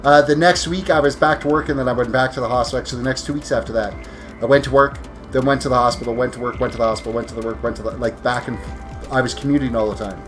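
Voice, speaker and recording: A man's voice: medium pitch, steady tone, very fast, soft background music. A tired man streaming a video game live, chatting casually with viewers, rambling and correcting himself as he plays. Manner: rambling, self-correcting, talks while playing. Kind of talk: casual gameplay commentary.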